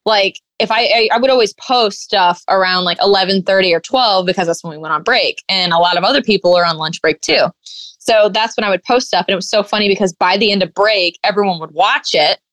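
A young woman tells her stories in an animated, casual way, dropping "like" into nearly every phrase. She acts out other people's lines with big jumps in pitch. The sound is dry and close. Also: a little fast, no room sound. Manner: animated storyteller, acts out quotes, heavy on "like". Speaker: guest content creator. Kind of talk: casual chat.

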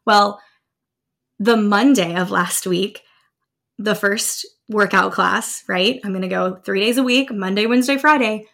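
A woman's voice: medium pitch, a little slow, gravelly, a bit bright. A woman in her thirties hosting a motivational podcast, telling a personal story in an upbeat way and laughing often. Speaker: podcast host.

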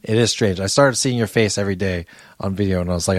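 A man's voice: sits low, fast, no room sound, studio quality. A man co-hosting a podcast, casual and laid-back, often rambling and correcting himself. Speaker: podcast co-host. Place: home setup, Boston area.

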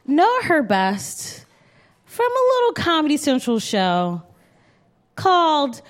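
A woman co-hosting a live comedy show, introducing a guest haltingly with many fillers. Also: sits high, wildly swooping pitch. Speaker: co-host.

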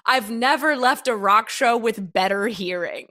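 Woman podcast co-host, bright and tense voice, fairly high, animated, laughs a lot, jokey chat. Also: a little slow. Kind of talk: comedic casual chat.

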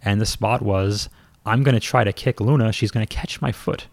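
Male storyteller, low voice, dry close sound, casual and self-deprecating, swears easily. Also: moderate pace, creaky, darkish tone, no room sound. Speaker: former pro wrestler telling a story.

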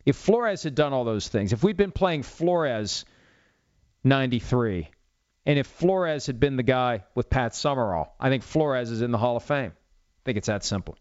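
Man, 50s, solo sports talk host, lively swings in pitch, dry dull studio sound. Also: normal speed, no echo. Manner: rambling, self-mocking, opinionated. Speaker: sports radio podcast host. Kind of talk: solo talk show monologue.

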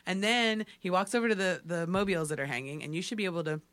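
A man casually telling a story, animated and full of fillers like "like". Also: high-pitched, fast, dry recording. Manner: animated, filler-heavy with frequent "like".

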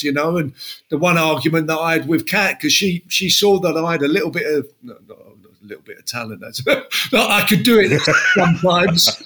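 A man as a chat show guest, telling animated stories, laughing often and acting out quotes. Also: on the high side, a little fast, breathy edge. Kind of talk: casual chat.

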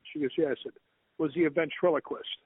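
A man's voice: on the high side, fast talker, husky, no room sound. Man telling a ghost story over a tinny line. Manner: rambling, animated retelling with quoted dialogue. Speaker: guest, ghost hunter. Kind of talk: casual storytelling interview. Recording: tinny phone line, dry.

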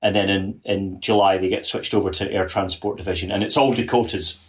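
A man speaks casually as a podcast guest, his voice sitting a little low. He is earnest and often doubles back on his words while working through a point. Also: steady tone, fairly quick. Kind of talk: casual conversation.

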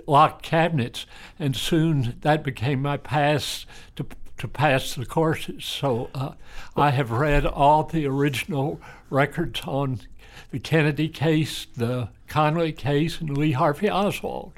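An older man with a fairly high voice talks very slowly. He is blunt and matter-of-fact, speaking as a doctor guest in a casual interview. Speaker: retired physician guest.

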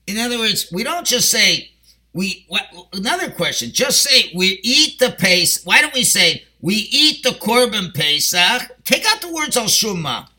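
A Yeshivish-accented man leads a Haggadah class, slipping Ashkenazi-pronounced Hebrew into his English. His voice is fairly high and very bright. He works through the text by asking questions aloud and answering them. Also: big pitch swings, a little slow. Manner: explanatory, asks and answers his own questions. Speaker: Torah teacher.

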